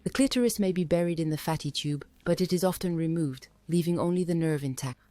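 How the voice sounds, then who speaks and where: Low-voiced woman narrating a documentary. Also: mellow, no room sound. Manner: measured, matter-of-fact delivery. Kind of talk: scripted documentary voice-over.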